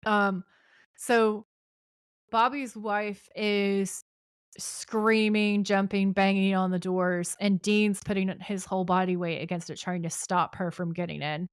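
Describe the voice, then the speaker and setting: A woman's voice: mid-range voice, little pitch movement, measured pace, clear, resonant tone, no echo, clean studio sound. A woman co-hosting a podcast, chattily recapping a TV episode and reading out its dialogue with asides. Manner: retells scenes and reads out dialogue with chatty asides. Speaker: podcast co-host.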